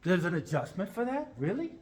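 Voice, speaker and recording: A man, a chiropractor, telling a funny personal story as a speech and acting out the lines with big jumps in pitch and volume. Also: sing-song, a little fast.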